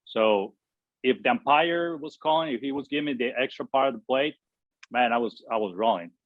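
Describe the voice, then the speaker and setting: A man from Mexico who speaks English, telling stories as an interview guest in halting sentences full of fillers and restarts. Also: medium pitch, dry recording. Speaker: former baseball pitcher, guest. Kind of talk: storytelling interview answers. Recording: tinny dry phone-like line.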